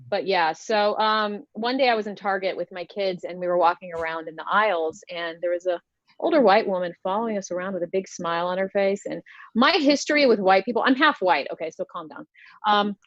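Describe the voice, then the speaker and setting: A woman performing a stand-up comedy set, with a dry, deadpan delivery over a video call. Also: mid-range voice, a little fast, dry recording. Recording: dull, slightly lo-fi sound.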